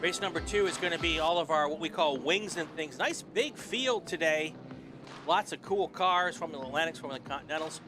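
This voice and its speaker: A man's voice: on the high side, fairly quick, over music. A man giving easygoing live play-by-play of a sports car race, with many fillers. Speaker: race commentator.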